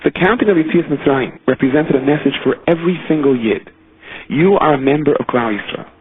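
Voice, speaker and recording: A man delivers an earnest sermon, pressing each point with emphasis and sprinkling in Hebrew and Yiddish terms. His voice sits a little high for a man. The sound is thin and narrow, like a phone line. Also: animated, fairly quick, slight background noise. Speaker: rabbi giving a Torah talk.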